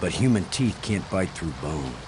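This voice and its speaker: A calm male commander with a fairly low voice and deadpan delivery. The lines come from game audio with clear background noise. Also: normal speed. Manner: dry, matter-of-fact.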